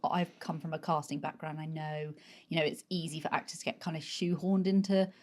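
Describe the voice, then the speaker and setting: Woman, slightly low voice, podcast co-host, casual, rambling questions. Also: level tone, a little fast, darkish tone. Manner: loose, filler-heavy questions. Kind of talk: casual interview chat.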